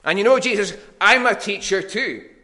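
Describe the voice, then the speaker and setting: A smug, pompous male scholar of religious law talks down to his listener, his voice bright and lifted a little higher than normal, as a preacher puts him on in the middle of a sermon. He is boastful and condescending. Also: normal speed.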